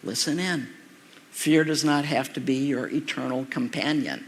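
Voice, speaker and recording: Gravelly bright-voiced man preaching in a hall. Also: medium pitch, a little slow, slight background noise. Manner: conversational preaching with asides and repeated words. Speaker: pastor. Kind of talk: sermon.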